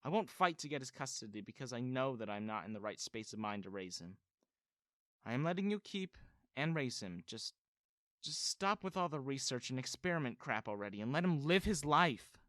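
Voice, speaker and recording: A man's voice: medium pitch, expressive, normal speed, fairly bright tone, dry recording, studio quality, natural voice. Man voicing a sad, apologetic mother. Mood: sad resigned.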